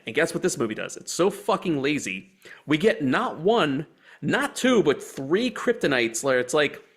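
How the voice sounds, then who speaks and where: A man's voice: a little high, very animated, measured pace. A young man co-hosting a movie review show, ranting in casual, profane, exasperated chat. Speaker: co-host.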